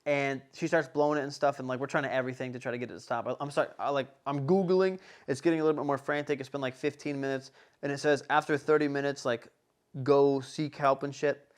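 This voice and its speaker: A young man hosting a casual podcast, telling a story in an animated, rambling way full of swearing and fillers. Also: mid-range voice, fast. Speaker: podcast host.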